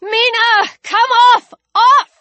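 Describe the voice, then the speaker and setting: A woman voicing a frightened but fierce young woman shouting commands at her dog in a storybook reading. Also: very high voice, extremely slow, dry recording, muffled recording, voice pushed up, heavily acted. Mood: frantic. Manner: frantic cries and commands.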